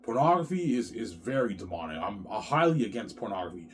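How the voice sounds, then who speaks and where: A man's voice: fairly low pitch, sing-song, a little fast, a little hiss or hum. A middle-aged man delivering a profane, repetitive ranting monologue to camera, tacking "man" onto the end of his phrases. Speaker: vlogger.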